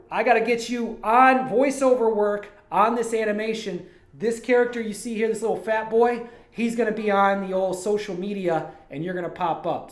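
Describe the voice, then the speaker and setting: A man from Toledo, Ohio, chatting casually on his livestream as a streamer and animator, drifting from one story to the next. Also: high-pitched. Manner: rambling, digressive storytelling. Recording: roomy echo.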